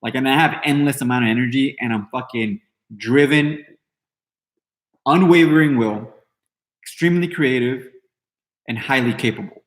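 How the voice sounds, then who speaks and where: A man's voice: medium pitch, normal speed, pauses often. A man in his thirties hosting a podcast, talking loosely and answering chat with blunt, profane, rambling remarks. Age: 30s. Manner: brash, heavy swearing, rambling with fillers. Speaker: podcast host. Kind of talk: casual live-stream talk, answering chat.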